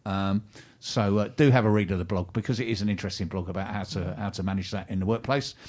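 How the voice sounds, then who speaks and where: A man's voice: fairly low pitch, fairly even intonation, fast, a little mellow. A man co-hosting a local radio show, chatting casually and reading out what's coming up, full of ums and restarts. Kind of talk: casual radio chat and station announcements. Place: radio studio.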